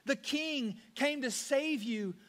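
A man preaching with a very high-pitched voice. He talks to the congregation casually, dropping to near-quiet and then rising to loud, fervent peaks. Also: slow pace. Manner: preaching with sudden loud rises and soft drops; conversational, addresses listeners as guys. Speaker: pastor. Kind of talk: sermon.

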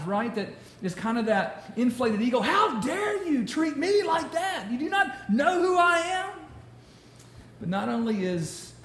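Animated high-voiced man preaching. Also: a little hiss or hum. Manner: animated, conversational preaching with repeated words. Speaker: pastor. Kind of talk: sermon. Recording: roomy hall sound.

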